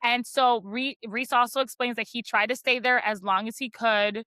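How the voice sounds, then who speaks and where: A woman on a book podcast gives a casual, chatty chapter recap, leaning heavily on "like" as filler and teasing playfully about the spicy scenes. Her voice is on the high side, steady and sharp, at a moderate pace. The recording is dry.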